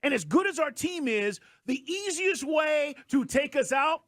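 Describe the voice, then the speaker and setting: A man's voice: extremely high pitch, animated, unhurried, a bit bright, no echo, studio quality. A man co-hosting a sports radio show, talking emphatically and firing off rhetorical questions.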